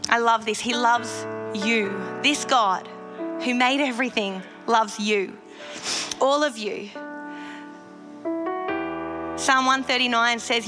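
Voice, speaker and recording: A woman's voice: a little high, slow, pauses often, music in the background. A woman giving an earnest devotional sermon, stressing points by repeating phrases. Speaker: Christian devotional speaker.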